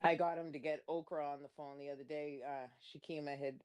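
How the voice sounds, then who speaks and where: A woman's voice: a little fast, clear, resonant tone. A woman hosting a live stream, telling crude, laughing gossip stories in a casual chat. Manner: profane, laughing, animated gossip; mimics others in a high squeaky voice.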